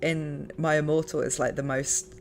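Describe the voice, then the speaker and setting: English woman host, gravelly fry in her voice, easygoing stream chatter with frequent laughs. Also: deep voice, level tone, normal speed, faint music behind. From England. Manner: laughs often, reads chat aloud. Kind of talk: casual stream chat.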